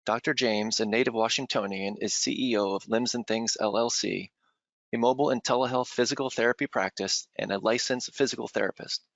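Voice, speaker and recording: Fast-talking male webinar host. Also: medium pitch, fairly even intonation, creaky, fairly bright tone, no echo. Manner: brisk formal reading. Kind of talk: scripted introduction. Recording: dry dull lo-fi webinar audio.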